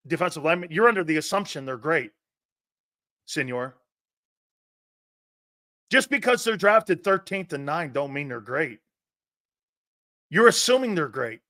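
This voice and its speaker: A man's voice: sits high, bright, forceful tone, no room sound, clean studio sound. A man hosting a sports talk stream, ranting in a combative, sarcastic way, swearing, repeating his points and answering chat comments. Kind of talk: livestream sports rant.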